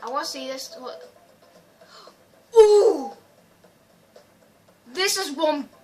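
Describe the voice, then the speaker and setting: A woman giving excitable racing game commentary as a channel host, full of playful trash talk and sudden loud outbursts. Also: high voice, normal speed. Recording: distant mic with background noise.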